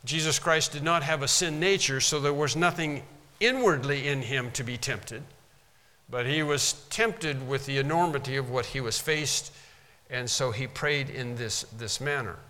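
In a mid-range voice that is bright and forceful, a man delivers a sermon at normal speed, working through a Bible passage. He stresses key ideas by repeating them emphatically, and the recording carries long hall reverb.

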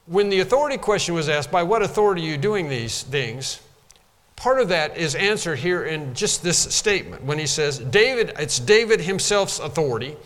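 A man preaching a sermon with a slightly high voice that echoes through a large hall. He teaches from scripture in an emphatic way, lifting his voice on the words he stresses. The long reverb makes him sound as if he is heard from the pews. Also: fairly bright tone. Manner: emphatic preaching, rising to stress key phrases. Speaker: pastor.

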